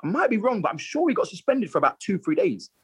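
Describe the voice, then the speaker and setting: A footballer appears as a guest in a casual interview, telling lively anecdotes, laughing, and repeating himself. His voice sits high, moves fast, and has a slightly rough quality.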